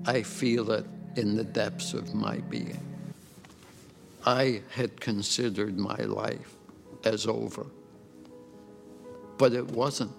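An older man telling his personal testimony in a slow, reflective way over soft music. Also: fairly low pitch, fairly even intonation, vocal fry. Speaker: church member giving testimony. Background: soft instrumental music.

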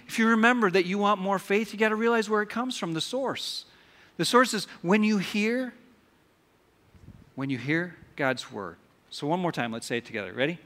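Male pastor, high bright voice, interactive sermon with call-and-response, live church hall with long reverb. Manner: interactive, asks congregation questions and leads call-and-response. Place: church sanctuary.

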